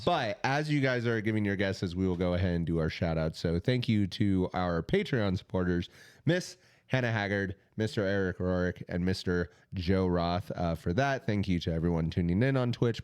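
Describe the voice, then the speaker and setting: A man co-hosts a laid-back podcast. He jokes at his own expense and rambles loosely with plenty of fillers. His voice sits fairly low, recorded dry and close on a studio microphone. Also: normal speed, clean tone, dry recording. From Midwestern United States. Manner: joking, self-deprecating, rambling with fillers. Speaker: podcast co-host. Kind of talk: casual podcast chat.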